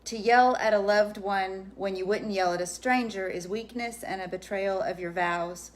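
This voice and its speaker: A woman, the host's wife, reading a note aloud in a steady, plain voice and then chatting casually. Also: mid-range voice, moderate pace.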